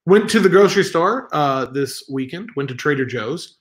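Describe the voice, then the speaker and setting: A Southern California man is filling in as the host of a live stream from home. His voice sits on the high side with lively intonation and a moderate pace, and he rambles, teases himself, and reads chat comments aloud.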